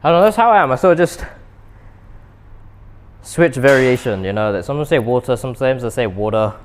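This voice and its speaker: Young British guy, gym vlogger, rambling chat between sets, middle-pitched. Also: animated, fast talker. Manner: rambling, chatty, self-deprecating asides. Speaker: fitness vlogger. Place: indoor gym.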